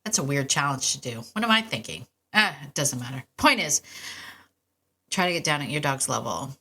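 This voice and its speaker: Bright-voiced, chatty woman with a low pitch. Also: expressive, normal speed, breathy edge. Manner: chatty and enthusiastic, with restarts and asides. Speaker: podcast host and dog trainer. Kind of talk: casual solo podcast talk.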